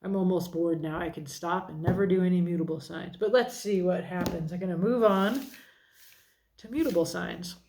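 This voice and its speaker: A woman's voice: fairly low pitch, steady tone, normal speed, a little mellow, a little hiss or hum. A woman giving a casual tarot card reading, chatty and self-deprecating, thinking aloud as she turns each card. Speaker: tarot reader.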